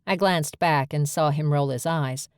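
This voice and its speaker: A woman with a low voice narrates a first-person romance audiobook in a clear, steady manner. The recording is dry and close, with no room sound. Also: a little slow, dry recording.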